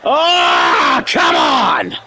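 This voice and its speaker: A man streaming live, calling a wrestling video game play by play. He yells, swears and laughs at the action. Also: sits high, huge pitch swings, drawn-out words, creaky. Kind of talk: excited live play-by-play commentary.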